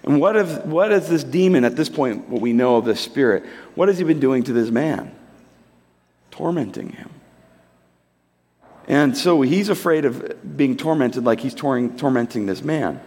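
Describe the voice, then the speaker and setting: A man in his thirties preaching a sermon in a conversational, animated storytelling way. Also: medium pitch, normal speed, breathy edge. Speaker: pastor. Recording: long hall reverb.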